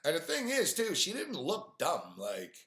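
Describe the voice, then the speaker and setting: A man's voice: fairly high pitch, huge pitch swings, measured pace, fairly bright tone, roomy sound. A man hosting a live stream, telling an exasperated, profane story with lots of fillers. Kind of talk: profane ranting monologue.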